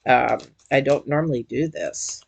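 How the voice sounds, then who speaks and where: A tarot reader giving a casual intuitive reading straight to viewers, chatty and emotional, with sudden high exclamations. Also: a little slow, creaky.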